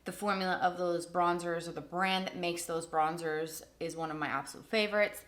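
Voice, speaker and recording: A woman's voice: fairly low pitch, fairly even intonation, fairly quick, a bit bright. A woman giving a candid, chatty first-impression makeup review, thinking aloud as she tries products. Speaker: beauty reviewer.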